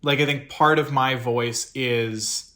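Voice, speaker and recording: A male podcast co-host in casual chat who muses aloud and rambles. He circles his thoughts in loose, unhurried sentences, starting and restarting. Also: medium pitch, fairly even intonation, pushed and bright. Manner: reflective, rambling, talks in fits and starts.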